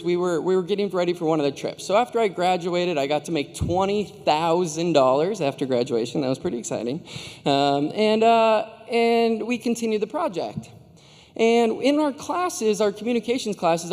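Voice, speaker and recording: A man's voice: high-pitched, a little mellow. A man in his thirties giving a commencement speech, telling stories and joking with the audience in a self-deprecating way. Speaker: commencement speaker. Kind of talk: storytelling speech to graduates. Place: large arena venue. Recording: hall reverb from a large arena.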